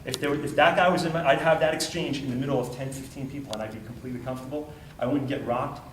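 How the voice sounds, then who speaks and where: A man with a mid-range, fairly bright voice gives a training talk to a group, speaking fast with fairly even intonation. He tells a story emphatically, acting out dialogue and repeating phrases for effect. The sound is roomy and distant, with faint ambience and slight background noise.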